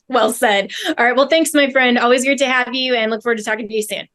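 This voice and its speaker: A woman in her thirties hosts a political talk show, her voice pitched a little high. She talks earnestly and steadily, working through points with fillers and restarts. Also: steady tone, quick pace, fairly bright tone. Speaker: host.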